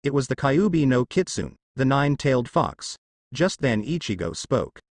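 A man narrates a fan story in a steady, scripted read. His pitch rises and falls with lively movement, and the recording is dry and close with no room sound. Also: normal speed, no echo.

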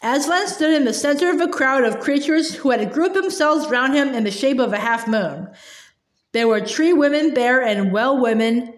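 A woman reading a children's novel aloud, often stumbling with fillers and restarts. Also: on the high side. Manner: hesitant, with frequent fillers and restarts. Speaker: storybook reader. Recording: roomy echo.

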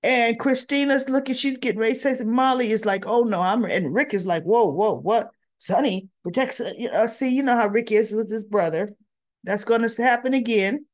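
A woman's voice: fairly high pitch, normal speed. A woman recapping a daytime soap episode in a casual, chatty way, acting out bits of the dialogue as she retells the scenes. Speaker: soap opera reviewer.

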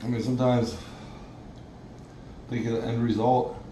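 A man's voice: mid-range voice, flat delivery, measured pace, warm tone. A man taking a spicy noodle challenge, chatting casually and complaining about the heat between laughs. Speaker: challenge taker. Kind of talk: casual chat. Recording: echoey room with noise.

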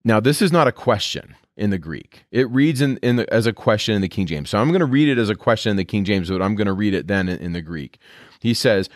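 A man hosting a scripture podcast, reading verses aloud and explaining them in a relaxed, conversational teaching manner. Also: on the low side, fairly quick, no echo, clean studio sound.

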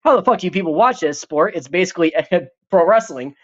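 A man's voice: sits high, lively intonation, fairly quick, dull audio. A man hosting a live stream, reading viewer comments in a profane, rambling, joking way.

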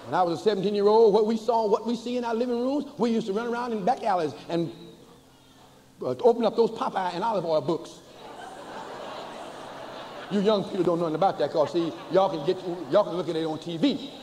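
An older man, a bishop preaching a sermon to a church congregation, folksy and humorous, slowing to chanted emphasis. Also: sits high, warm tone, slight background noise. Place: large church before a congregation. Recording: hall reverb with faint ambience, cassette.

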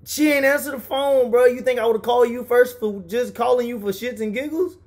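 A man's voice: extremely high pitch, a little fast, darkish tone. A young man on a prank phone call, talking casually in heavy slang and dropping "bruh" into most lines. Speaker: YouTuber pulling a phone prank.

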